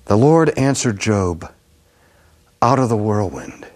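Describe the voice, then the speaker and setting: A man preaching a sermon with a dramatic, emphatic delivery that ranges from loud to hushed. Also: fairly low pitch, very animated, takes it slowly.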